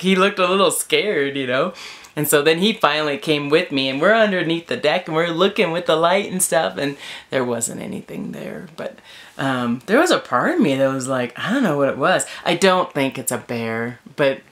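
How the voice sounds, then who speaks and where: A woman vlogger telling a story in a casual, animated way from inside her tent in the woods, filling her talk with "like" and "you know". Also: low-pitched, moderate pace. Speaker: wilderness vlogger.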